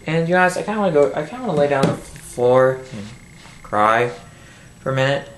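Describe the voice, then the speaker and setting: A fed-up man tearing into a film in a rambling, cursing rant, often breaking off and starting sentences over. His voice sits at a middling pitch. It comes through a built-in camera mic in a roomy, echoing space with a faint hiss behind it. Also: big pitch swings, brisk. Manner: exasperated, rambling, swears, restarts sentences. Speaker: film reviewer. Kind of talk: angry movie review rant. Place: home room. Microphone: built-in camera microphone.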